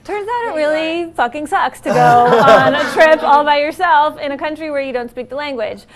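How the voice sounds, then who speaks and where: Laughing, animated woman telling a story. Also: sits high, normal speed, a loud crowd. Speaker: celebrity guest. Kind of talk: comic anecdote on a game show.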